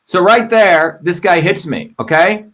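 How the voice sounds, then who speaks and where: A man's voice: sits high, lively intonation, unhurried, fairly bright tone. A middle-aged man hosting a livestream, talking the audience through a clip and checking in with "okay?". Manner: talkative, repeats "okay?" to the audience. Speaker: livestream host. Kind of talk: casual livestream commentary.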